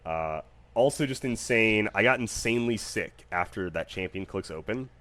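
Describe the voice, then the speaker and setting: Low-voiced man hosting a podcast. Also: normal speed. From United States. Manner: animated, jokey, rambling with fillers. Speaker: podcast host. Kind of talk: casual solo podcast storytelling.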